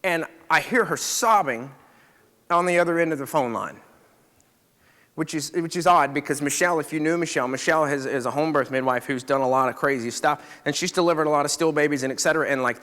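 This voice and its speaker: A man's voice: fairly high pitch, a little fast, sharp tone, long reverb tail. A middle-aged man, a chiropractor, telling a story to a live audience in a conversational way, often checking in with his listeners.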